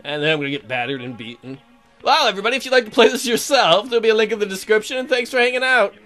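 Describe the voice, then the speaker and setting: A man's voice: high-pitched, animated, very fast, bright, forceful tone, faint music behind. A man hosting a let's play, giving casual, jokey commentary and reacting aloud to the game.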